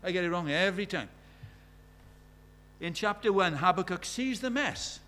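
A man's voice: high-pitched, animated, moderate pace, sharp tone. A man preaching a sermon in a conversational way, asking the congregation many questions and reciting scripture with rising force.

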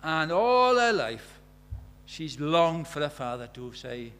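A man preaching a sermon, conversational and animated, swinging from loud exclamations to quiet, intimate tones. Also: fairly high pitch, takes it slowly, smooth. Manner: conversational, uses quoted dialogue and filler words.

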